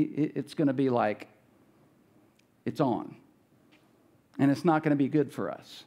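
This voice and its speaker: A man preaching a sermon from the pulpit, his voice sitting a little higher than most men's. He talks in an easy, conversational way and slips into the voices of the people in the story. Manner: conversational, acts out voices of biblical characters. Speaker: pastor. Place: church.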